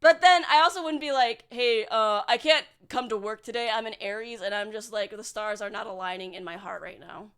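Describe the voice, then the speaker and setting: A woman's voice: mid-range voice, fairly quick, hardly any pauses, fairly bright tone, smooth. A young woman streaming as a VTuber, chatting casually and bluntly with her chat, swearing and sarcastic, full of filler words.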